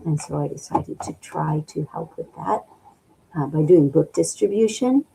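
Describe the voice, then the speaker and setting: An older woman from the midwestern US, a guest in an interview, reminiscing slowly and reflectively with many pauses and fillers. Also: low voice, creaky, noisy background.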